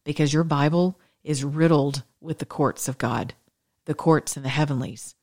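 Female host, low register, passionate sermon-style commentary. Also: normal speed, darkish tone. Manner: passionate, preachy. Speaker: show host. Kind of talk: religious political commentary monologue.

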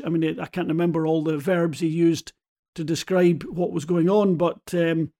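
High-voiced hesitant rally pundit man. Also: fairly even intonation, moderate pace, warm tone. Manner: hesitant, restarts and repeats words. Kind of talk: casual analytical chat.

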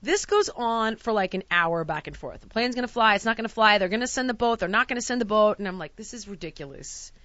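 A woman's voice: mid-range voice, lively intonation, fast, few pauses, no echo, dull audio. A woman in casual chat, telling a long travel story and acting out the quotes with exasperated outbursts. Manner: acts out quotes, shouting in exasperation.

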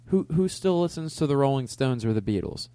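A man's voice: medium pitch, lively intonation, a little fast, dark tone, no room sound. Dry-sounding man joking around. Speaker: podcast co-host. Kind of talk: casual banter.

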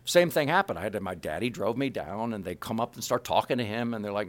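A man's voice: medium pitch, expressive, quick pace. A man from the Kansas City area telling an anecdote about his career as a voice actor, acting out the dialogue as he goes.

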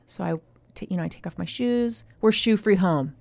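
A woman co-host speaks in an easy, chatty way over a close, dry mic. She tells her story with energy and slips into quick voices for the people in it. Her voice sits at a middle pitch. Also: vocal fry, no echo. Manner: animated storyteller who acts out what others said. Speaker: podcast co-host. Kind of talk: casual chat.

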